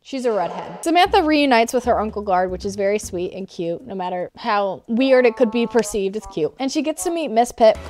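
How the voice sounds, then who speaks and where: A woman's voice: medium pitch, expressive, fairly quick, hardly any pauses, darkish tone. A young woman with a sick voice, recapping a movie with sarcastic, jokey asides. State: sick, stuffy voice. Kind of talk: comedic movie recap narration.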